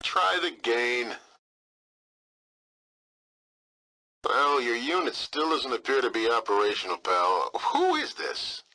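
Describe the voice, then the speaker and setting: An actor playing a foul-mouthed male military radio operator in a video game, with a husky, blustering, sarcastic manner. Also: medium pitch, sing-song, measured pace, sharp tone, heavily acted, rough recording. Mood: baffled. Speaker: communications officer.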